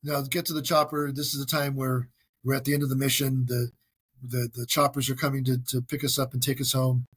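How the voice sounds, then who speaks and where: A man's voice: medium pitch, flat delivery, brisk, fairly bright tone, slightly rough, no echo. A man hosting a solo podcast, talking in an earnest, self-deprecating way with frequent restarts. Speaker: podcast host. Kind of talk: casual solo podcast monologue.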